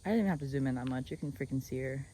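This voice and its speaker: A woman's voice: very deep voice, very fast, warm tone, a little hiss or hum. A young woman chatting casually to her phone camera as she walks her dog on an outdoor trail. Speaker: vlogger. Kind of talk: casual vlog talk to camera.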